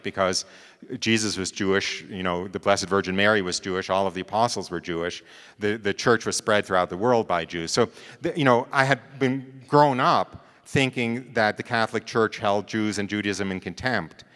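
This talk comes from a man whose voice sits lowish and a little bright, heard at normal speed with big-room acoustics. He tells a personal story casually and keeps checking with listeners using "right?" and "you know".

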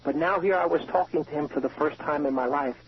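A man with a high voice gives an earnest, emotional testimony over a prison payphone. He restarts his sentences often. The line is muffled, with a faint hiss behind him. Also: quick pace. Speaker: caller, prison inmate. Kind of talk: personal testimony by phone.

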